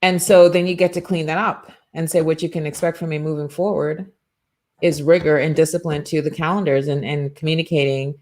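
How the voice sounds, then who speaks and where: Low-voiced woman hosting a motivational show. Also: a little fast. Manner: animated storytelling with frequent asides and self-quotes. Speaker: morning show host. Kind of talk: casual motivational talk.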